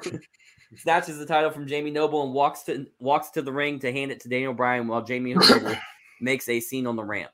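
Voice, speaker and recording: Bright-voiced young man narrating casually. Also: mid-range voice, flat delivery, fairly quick. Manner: loose, joking, swears and restarts. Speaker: podcast host. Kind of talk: casual narration of a wrestling story.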